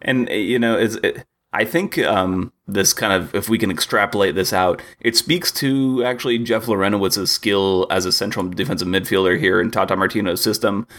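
A man's voice: on the low side, moderate pace, few pauses, a bit bright. A young man co-hosting a casual sports podcast, rambling with lots of fillers and restarts. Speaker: podcast co-host.

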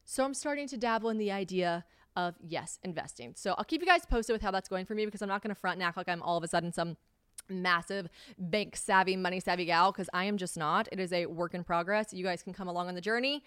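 A young adult woman hosting her own podcast, chatting casually, swearing freely and acting out quoted conversations with big jumps in pitch. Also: quick pace, fairly bright tone, smooth, dry recording, studio quality. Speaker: podcast host. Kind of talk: casual solo podcast chat.

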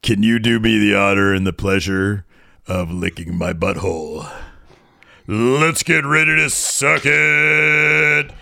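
A man doing an impression of a cocky, gruff middle-aged wrestling executive who boasts and tosses crude put-downs. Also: fairly low pitch, slow pace, pushed and bright, no room sound, clean studio sound, heavily acted. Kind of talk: comedy impression sketch.

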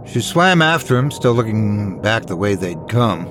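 A man reading scary stories as a dramatic, expressive narrator. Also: fairly low pitch, measured pace, music in the background. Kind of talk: scripted horror story narration.

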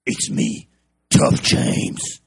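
A man playing a gruff, blunt tough-guy rescuer who makes threats. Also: extremely slow.

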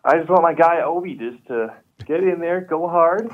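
A man's voice: on the high side, normal speed, phone-quality sound, natural voice. An Australian man on the phone, voicing a laid-back stereotypical Canadian guy with a broad put-on Canadian accent and chuckling banter. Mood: jokey. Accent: exaggerated Canadian. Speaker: phone guest. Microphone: phone line.

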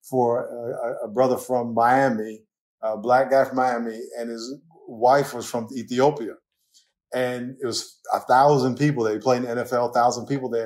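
An older man with a New York accent talks as a guest on a podcast, a pastor who tells stories with lots of life. He laughs easily and slips into little acted quotes. His pitch sits in an ordinary middle range for a man. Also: darkish tone. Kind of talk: conversational podcast interview.

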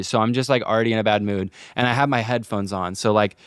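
A man's voice: lowish voice, quick pace, few pauses, clear, resonant tone, no echo, clean studio sound. A young man co-hosting a podcast, telling a story in casual chat, swearing freely and acting out the people he quotes. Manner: animated, swearing, acts out quotes. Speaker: podcast co-host.

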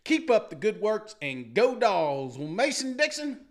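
A man with a notably high voice reads listener reviews aloud on a sports podcast. He tosses in jokey, mock-dramatic asides and laughs often as he goes. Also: sing-song, a little slow. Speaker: podcast co-host.

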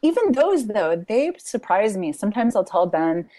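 A woman's voice: medium pitch, animated, moderate pace, few pauses, dark tone, no room sound. A woman musician guest in casual chat, friendly and giggly, with frequent fillers.

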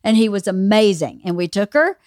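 A woman's voice: mid-range voice, expressive, a little fast, darkish tone, smooth, no room sound, clean studio sound. A woman guesting on a podcast, telling a story in casual chat in a blunt, teasing way. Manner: blunt, teasing, interrupts to correct. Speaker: podcast guest, host's wife.

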